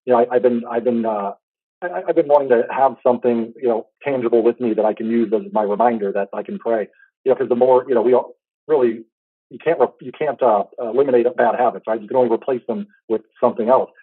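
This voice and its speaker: A man in his thirties telling a heartfelt personal story in a casual, halting way, full of restarts. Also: medium pitch, slightly rough, no echo, narrow, tinny audio. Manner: fast, halting, with many restarts and fillers; earnest, heartfelt. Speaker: podcast host.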